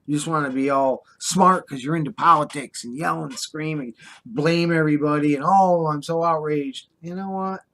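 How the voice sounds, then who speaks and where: A man's voice: a little high, brisk, sharp tone. Older man ranting with scornful passion. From United States. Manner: impassioned, scolding, sarcastic rant with drawled asides. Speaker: vlogger. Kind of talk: ranting monologue.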